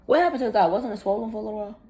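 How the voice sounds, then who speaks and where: A woman's voice: mid-range voice, racing. A woman vlogger casually telling a story in a blunt, profane, irritated way, acting out the quoted dialogue. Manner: animated, acts out the quoted dialogue.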